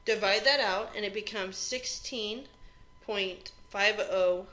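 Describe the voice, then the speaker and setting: A woman's voice: medium pitch, slow, bright, forceful tone, low-quality recording. A woman teaching chemistry, walking through an exam review step by step in a plain conversational way. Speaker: chemistry instructor. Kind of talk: recorded exam review lecture.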